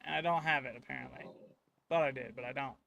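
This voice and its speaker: A man co-playing on a stream, chatting casually and quietly while looking for something. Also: mid-range voice, fast talker, vocal fry, slight background noise. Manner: quiet, distracted, searching while talking. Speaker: co-player on stream. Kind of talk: casual chat.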